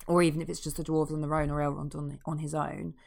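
A woman's voice: deep voice, little pitch movement, quick pace, creaky, darkish tone. A woman co-hosting a casual chat, talking with enthusiasm and many small fillers and restarts. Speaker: podcast co-host. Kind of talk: casual chat about a fantasy TV series.

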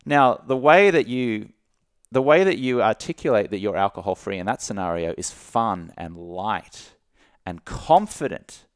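A man from Australia, a guest coach on a podcast, who talks in an animated way and acts out little dialogues in different voices. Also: lowish voice, unhurried, clean tone, dry recording, clean studio sound. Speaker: guest, alcohol-free coach.

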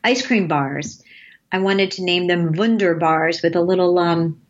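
A woman's voice: on the low side, measured pace, highs cut off. A woman in her late fifties, a guest in an interview, telling rambling stories and laughing often. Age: 50s. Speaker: guest, advertising creative. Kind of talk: casual interview storytelling.

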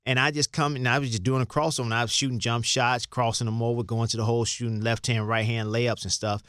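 A man's voice: mid-range voice, level tone, fast, fairly bright tone, clean tone, dry recording, studio quality. A middle-aged man telling loose, rambling basketball stories in an interview, repeating words and laughing now and then. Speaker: interview guest, former basketball player. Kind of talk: casual storytelling interview.

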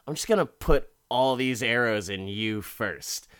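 A man voicing a jealous, drunk man who sneers and yells sarcastically, pitched above his normal voice. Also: lively intonation, unhurried, clean tone, dry recording, clean studio sound. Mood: menacing glee.

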